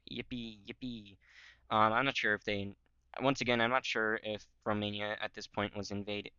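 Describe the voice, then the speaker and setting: A man with a lowish, bright, crisp voice rambles casually over a history map. He fills the gaps with "um" and "like" and drops goofy jokes. The sound is slightly muffled and dry. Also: dry recording. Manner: rambling, filler-heavy, joking. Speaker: history channel host.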